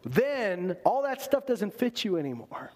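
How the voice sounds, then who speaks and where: A man preaching a sermon, swinging between loud emphasis and quiet intensity. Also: high voice, big pitch swings, unhurried.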